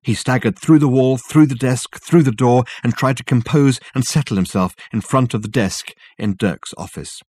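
A man narrating an audiobook in a measured, wry storytelling manner. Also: mid-range voice, a little mellow, slightly rough, no room sound. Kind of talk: scripted narration.

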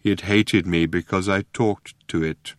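A man voicing a gloomy, depressed male robot who talks in a slow, dejected drone. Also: deep voice, fairly even intonation, no echo, studio quality.

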